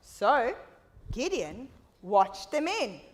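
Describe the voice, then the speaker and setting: Bright, animated woman leading a children's Bible talk. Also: on the high side, drawn-out words. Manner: animated, call-and-response storytelling to children. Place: church. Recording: echoey church hall.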